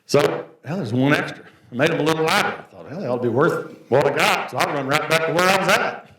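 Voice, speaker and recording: A man's voice: on the high side, lively intonation, fast, fairly bright tone. Country auctioneer guy telling stories up at a podium, echoey room. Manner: folksy, anecdotal, plain-spoken. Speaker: auctioneer giving an award introduction. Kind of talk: storytelling tribute speech. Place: banquet hall. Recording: echoey hall, voice from a distance.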